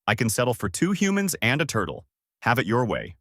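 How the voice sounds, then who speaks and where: A man voicing a gruff, threatening armored bear thief in a fan-made story. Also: mid-range voice, huge pitch swings, brisk, a bit bright, dry recording, clean studio sound.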